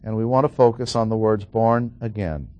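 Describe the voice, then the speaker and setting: A man preaching a sermon and explaining a Bible passage, who stresses key words slowly and asks his listeners questions. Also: fairly low pitch, lo-fi sound, soft background music.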